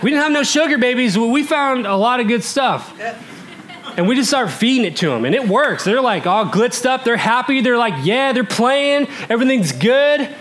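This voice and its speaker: A man in his thirties from Alaska, telling a comic story to a live audience, animated and laughing as he talks, swinging between loud bursts and hushed asides. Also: very high voice, normal speed, a faint crowd, a little hiss or hum.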